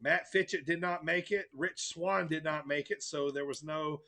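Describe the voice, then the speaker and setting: A man co-hosting a casual wrestling podcast, his voice high and bright with a gravelly edge. He runs through the show's rundown in an upbeat way, full of filler words. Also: steady tone, normal speed. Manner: upbeat, filler-heavy rundown with many uhs. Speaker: podcast co-host.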